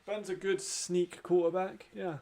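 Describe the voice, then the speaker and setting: A high-voiced man calls an American football game live while watching it. Excitable and quick to laugh, he swears freely and drifts between play-by-play and loose chatter.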